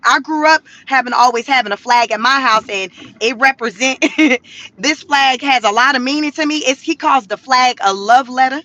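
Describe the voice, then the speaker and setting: A woman from the Southern US with a Southern accent, chatting to viewers in an animated, slangy commentary. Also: high-pitched, normal speed. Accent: Southern American. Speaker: commentary vlogger.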